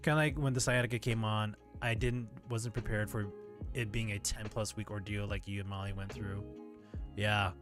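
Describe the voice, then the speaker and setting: A man's voice: on the low side, steady tone, moderate pace, a bit bright, soft background music. A man talking casually on his livestream, reading out viewer comments and answering them candidly, now and then swearing. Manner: candid and conversational, often swears.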